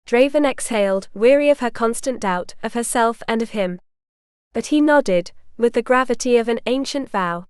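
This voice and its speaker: A woman narrating a romance audiobook in a measured, even storytelling manner. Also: fairly high pitch, clean tone, dry recording, clean studio sound. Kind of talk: scripted narration.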